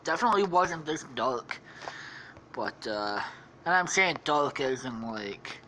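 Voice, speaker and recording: A man's voice: mid-range voice, expressive, unhurried, pushed and bright, slight background noise. Rambling, cussing male podcast storyteller. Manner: rambling, swearing, laughing often. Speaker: podcast host. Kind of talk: improvised comedic storytelling.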